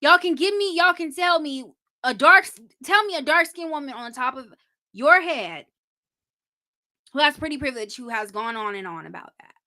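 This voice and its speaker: A woman hosting a casual livestream, chatting straight to her viewers with quick restarts. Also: high voice, expressive, sharp tone. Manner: chatty, addresses viewers directly, frequent restarts. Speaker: host.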